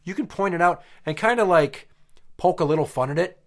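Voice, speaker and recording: A man's voice: sits high, animated, fairly quick. A man in his thirties hosting a podcast, telling stories bluntly and swearing freely in casual chat. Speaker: podcast host.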